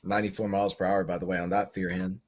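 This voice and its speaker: A man's voice: low-pitched, flat delivery, fast talker. A man giving casual live tennis commentary for a watchalong stream, just woken up, rambling into chatty asides between calls of the points. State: just woke up.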